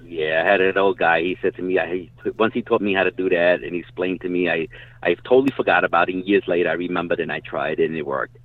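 A middle-aged man with a lowish voice tells hunting yarns in a loose, folksy ramble and swears offhand. The sound is dry and tinny, as if it came through a phone line. He circles back, restarts and piles on detail. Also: quick pace, no echo. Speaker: guest hunter telling stories. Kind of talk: casual storytelling.

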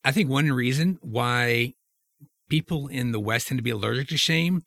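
A man's voice: medium pitch, normal speed, vocal fry, a bit bright, no room sound, studio quality. Conversational man leading a discussion. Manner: conversational, asks the group questions. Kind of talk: casual discussion.

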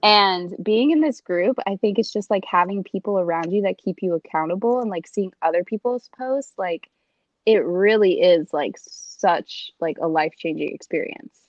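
A woman's voice: mid-range voice, moderate pace, no echo. A young woman speaking as a guest, chatty and loose, her sentences full of "like" fillers. Her voice comes over a dull lo-fi call line with a dry sound and no room around it. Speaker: guest on a group-coaching podcast. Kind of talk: casual interview chat.

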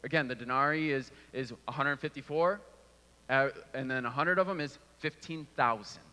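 Bright-voiced man preaching in a hall. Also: medium pitch, normal speed, clean tone. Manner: conversational, repeats words when restarting. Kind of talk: sermon.

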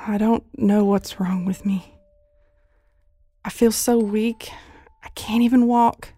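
A woman's voice: mid-range voice, steady tone, takes it slowly, dark tone, husky, no echo. An actress playing a weak, remorseful young woman apologizing to her family. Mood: apologetic. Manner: apologetic, pleading. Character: remorseful young woman waking from a magical coma.

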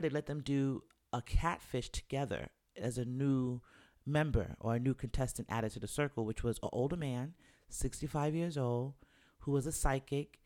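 A man's voice: medium pitch, a little mellow. A man in casual chat, animatedly retelling a reality show, acting out quotes in a raised voice with frequent fillers. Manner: frequent fillers like um and you know. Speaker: commentator recapping a reality show.

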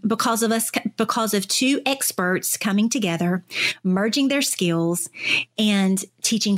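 A woman speech-language pathologist, a podcast guest, telling stories in casual conversation. She is enthusiastic, says "you know" often, and acts out colleagues in lively voices. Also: medium pitch.

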